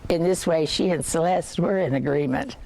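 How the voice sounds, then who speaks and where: Older woman reading a novel aloud, gravelly. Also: deep voice, a little mellow. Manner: measured reading with occasional slips and restarts. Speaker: reader.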